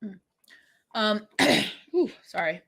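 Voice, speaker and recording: A woman in her forties chats at home during a livestream, her voice sharp and bright despite being congested. She rambles chattily, piling on fillers as she tells stories like the teacher she is. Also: mid-range voice, sing-song, extremely slow, vocal fry. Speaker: middle school French teacher. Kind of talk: casual livestream chat during writing sprint.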